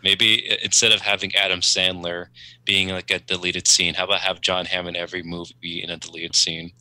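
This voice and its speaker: A man appears as a podcast guest, tossing off goofy jokes in loose conversation. His voice sits low, yet its tone is strikingly bright and sharp. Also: flat delivery, brisk, low-quality recording. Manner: goofy, joking. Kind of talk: casual chat.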